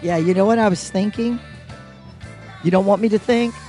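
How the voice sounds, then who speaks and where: A man's voice: high-pitched, moderate pace, a little mellow, soft background music. A man co-hosting a casual live broadcast from an old theater, talking into a handheld microphone in a playful, rambling, joking way. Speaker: co-host, honorary mayor. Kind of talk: casual on-site chat. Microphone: handheld mic.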